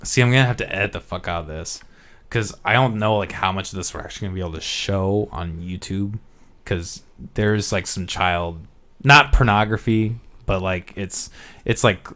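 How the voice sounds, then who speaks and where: A man's voice: deep voice, normal speed, a bit bright. A man hosting a casual podcast, rambling and hesitant, full of fillers and swearing. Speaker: podcast host.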